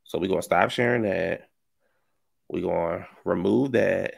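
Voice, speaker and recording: A man with a low, gravelly voice, rambling through casual gossip commentary. He talks in a chatty, slangy way and breaks off into asides. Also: a little slow. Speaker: commentary vlogger.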